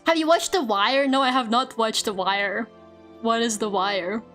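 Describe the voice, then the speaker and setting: This is a woman with a high, light voice, talking casually to her stream audience while drawing. She rambles from thought to thought, laughs a lot and swears without a second thought. A quiet game soundtrack plays faintly underneath. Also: unhurried. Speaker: VTuber streamer. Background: faint video game soundtrack music.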